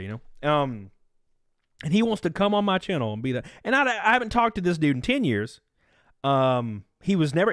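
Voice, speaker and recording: Male streamer in his 30s, rambling and profane, with a lively, swooping delivery and a dry, close sound. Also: fairly high pitch, no room sound. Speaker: livestream host. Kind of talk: casual storytelling to a live chat.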